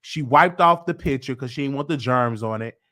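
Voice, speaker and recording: Here the host's voice is medium in pitch, bright and forceful, at a normal speed. Telling a long story in his show's casual monologue, he wanders, says things twice, starts over, and puts on different voices for quotes.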